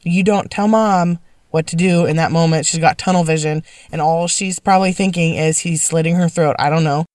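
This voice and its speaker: Woman, wry, animated family storytelling, quotes others. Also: low-pitched, a little fast, no echo. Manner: lively, wry, animated retelling. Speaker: sister of the storyteller. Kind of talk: personal storytelling.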